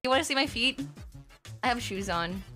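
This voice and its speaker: A woman chatting casually while gaming, excitable and swearing, yelling at the game. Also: fairly high pitch, moderate pace, faint music behind. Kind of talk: casual gaming stream chat.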